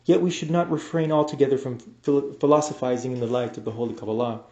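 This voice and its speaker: A man reading an esoteric book aloud as an audiobook, measured and deliberate, now and then stumbling and restarting a word. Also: medium pitch, fairly even intonation, warm tone. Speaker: audiobook reader. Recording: roomy, echoey room sound.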